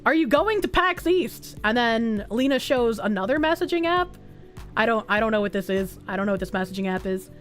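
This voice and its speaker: A young woman streaming to her chat, reading messages aloud in lowered mock voices and giving candid, sarcastic commentary between bursts of laughter. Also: lively intonation, brisk, fairly bright tone, soft background music. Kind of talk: live-stream reaction chat.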